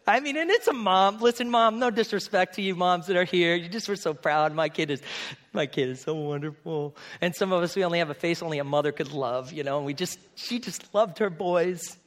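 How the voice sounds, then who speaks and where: Man, pastor, high voice, lively conversational sermon, from New England. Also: fairly quick, few pauses. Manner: animated, conversational preaching with voiced asides.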